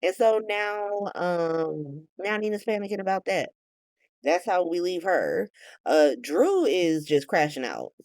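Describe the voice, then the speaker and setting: A woman's voice: on the low side, sing-song, slow pace, a little mellow, dry recording, clean studio sound. A woman hosting a soap opera recap, narrating casually in profane slang.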